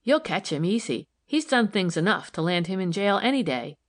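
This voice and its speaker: A woman's voice: mid-range voice, very animated, moderate pace, natural voice. A woman voicing a defiant, gum-chewing young woman on probation who talks in blunt street slang, in a storybook reading. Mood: cocky.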